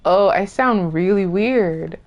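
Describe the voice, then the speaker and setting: A woman's voice: mid-range voice, slow, highs cut off. A woman streamer giving casual let's-play commentary, jokingly scolding the enemies and characters on screen. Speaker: gaming streamer.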